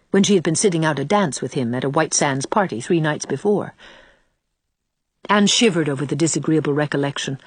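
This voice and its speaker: A woman narrating an audiobook in a measured, expressive reading voice. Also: sits low, husky, dry recording. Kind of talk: scripted narration.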